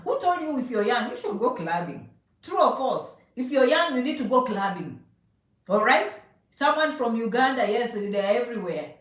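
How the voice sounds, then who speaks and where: A woman from Zambia giving an emphatic, preachy motivational talk to live viewers, often asking "okay?". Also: fairly high pitch. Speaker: immigration advice streamer. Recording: echoey room, voice a bit far from mic.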